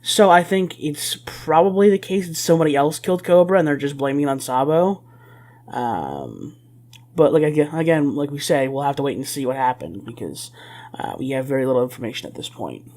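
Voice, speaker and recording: Co-host, chatty and hesitant, middle pitch, informal. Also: expressive, a little fast, a little mellow. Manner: hesitant, many fillers and restarts, mock-dramatic when quoting. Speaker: podcast co-host. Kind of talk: casual chat reviewing a comic chapter.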